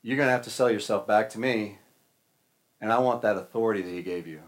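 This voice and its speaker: A man's voice: on the low side, fast, lightly acted. A man voicing the devil as a sly pawnbroker bargaining over a trade, in a casual haggling way.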